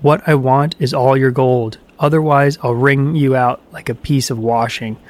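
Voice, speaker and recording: A man's voice: mid-range voice, fairly even intonation, normal speed, a little mellow, natural voice. A man voicing a cunning male trickster god who threatens and commands coldly. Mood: menacing. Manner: menacing, commanding.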